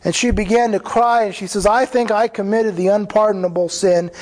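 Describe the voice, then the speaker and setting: A pastor preaches earnestly and conversationally in a high, steady voice with a darkish tone, speaking fairly quickly. He frequently restarts phrases and acts out quoted dialogue. The recording is rough.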